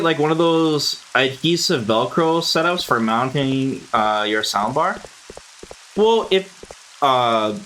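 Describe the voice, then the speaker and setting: A man's voice: on the high side, a bit bright, a little hiss or hum. A man streaming a game, chatting casually and rambling to his viewers and swearing freely. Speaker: gaming streamer. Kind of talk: casual chat while playing a game.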